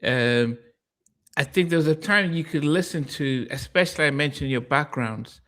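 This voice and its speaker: A man's voice: a little high, normal speed, bright, forceful tone. Hesitant male interviewer with many ums. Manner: hesitant, many ums and restarts, asks meandering questions. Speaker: interview host. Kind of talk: casual interview.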